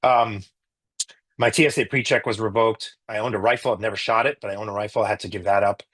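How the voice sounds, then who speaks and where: A middle-aged man, a physician, giving an emotional personal account in an interview, halting with many restarts. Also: fairly low pitch, steady tone, a bit bright, rough recording.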